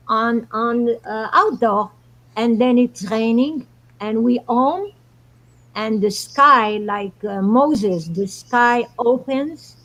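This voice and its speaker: A woman's voice: on the high side, low-quality recording. A woman guest on a talk show, telling spiritual stories in an earnest, meandering way. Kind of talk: casual storytelling chat.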